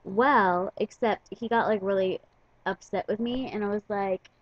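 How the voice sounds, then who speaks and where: A woman's voice: medium pitch, a little slow, slight background noise. Chatty woman with muffled audio. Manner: chatty, filler-heavy retelling with frequent "like". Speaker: vlogger. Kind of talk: casual storytelling to camera.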